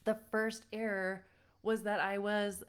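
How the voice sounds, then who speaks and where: Woman parenting coach, smooth clear voice, storytelling to a live audience. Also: medium pitch, flat delivery, slow pace. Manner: warm-up roll call, then storytelling with acted-out quotes. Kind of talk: live webinar teaching.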